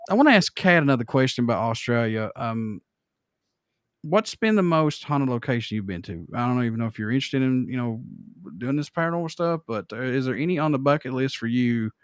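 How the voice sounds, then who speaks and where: A man hosting a casual podcast, speaking in an ordinary mid-range voice. He rambles and corrects himself in a relaxed way. The sound is dry and close-miked. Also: medium pitch, brisk, clean tone, no echo. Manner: rambling, self-correcting, laid-back. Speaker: podcast host.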